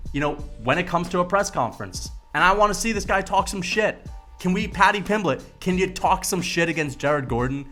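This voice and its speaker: A man ranting to camera about fighters, casual and profane, with emphatic, animated delivery. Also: high voice. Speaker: MMA commentary vlogger. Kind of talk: casual opinion rant to camera.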